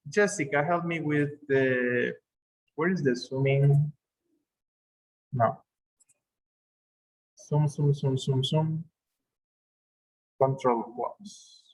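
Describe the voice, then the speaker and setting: A man's voice: fairly high pitch, darkish tone, low-quality recording. A man who speaks Spanish as a first language, teaching an English class on a video call in a patient manner, repeating words for emphasis.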